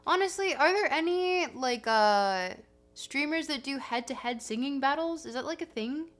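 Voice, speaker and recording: Bright, high-voiced woman chatting on stream. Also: animated, moderate pace. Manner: chatty, self-deprecating, talks to chat. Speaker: livestreamer. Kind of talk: casual stream chat.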